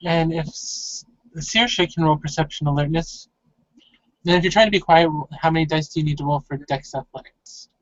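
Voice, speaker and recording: A game master steadily describes the scene and asks for dice rolls in a tabletop role-play game. The voice sits at an ordinary pitch. The audio is dry and dull, with a lo-fi sound. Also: steady tone, moderate pace, no room sound.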